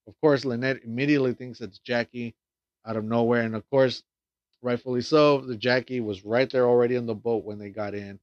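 A man talks through a film's plot in a loose, rambling way, stumbling over restarts and tossing in swear words. His voice sits at an ordinary middle pitch. The recording is dry and dull, with a lo-fi edge. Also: fairly even intonation, brisk, darkish tone, no echo. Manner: rambling, full of fillers and restarts, swears often. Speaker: film reviewer. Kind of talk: casual plot recap and review.

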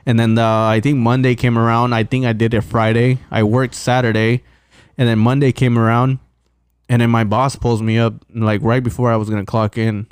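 A man's voice: mid-range voice, flat delivery, normal speed, clear, resonant tone, no room sound. Swearing, rambling man telling a story. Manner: rambling storyteller, swears a lot, restarts often. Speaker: podcast co-host. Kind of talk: casual chat.

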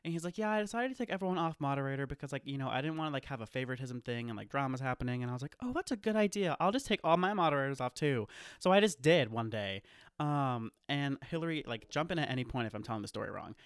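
A man's voice: mid-range voice, animated, very fast, clean tone, no echo. Male podcast host, casual rambling storyteller; clean, dry, close sound. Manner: rambling, full of "like" fillers, laughs often.

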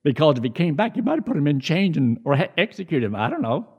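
A middle-aged man preaching a sermon in a conversational way, rising high on emphasis and dropping low between. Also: sing-song, fast, breathy edge, muffled recording.

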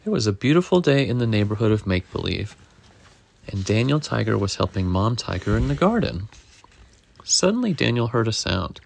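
A man's voice: on the low side, expressive, a little fast, creaky. A man reading a picture book aloud to his daughter, playful and affectionate as he goes. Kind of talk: read-aloud storytime.

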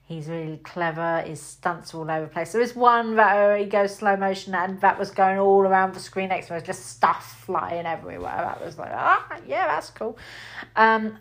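A woman with a British accent gives a casual, chatty film review in a slightly bright mid-range voice. She rambles, uses many fillers and acts out her reactions.

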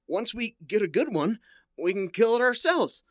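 Bashful awkward teacher, stammers a bit, old radio comedy. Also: male voice, sits high, very animated, normal speed, a bit bright, no echo, clean studio sound. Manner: hesitant, fumbling. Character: shy, awkward male biology teacher. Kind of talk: 1950s radio comedy acting.

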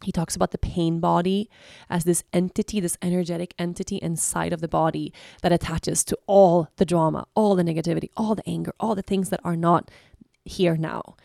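A woman's voice: lowish voice, fairly even intonation, a little fast, gravelly, warm tone, no room sound, clean studio sound. A woman hosting a podcast, talking candidly and searchingly about her feelings, often restarting and circling back. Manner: candid, searching, many restarts and "you know". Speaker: podcast host. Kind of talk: reflective personal monologue.

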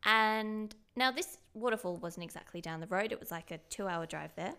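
A woman co-hosting a casual chat, playful and quick with jokes as she tells her own story. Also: mid-range voice, sharp tone, smooth.

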